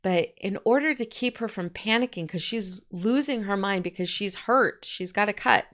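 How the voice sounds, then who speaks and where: A woman teaching a poetry lesson in a chatty, folksy way, with asides and quick quoted voices. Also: medium pitch, a bit bright. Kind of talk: poetry lesson, casual explaining.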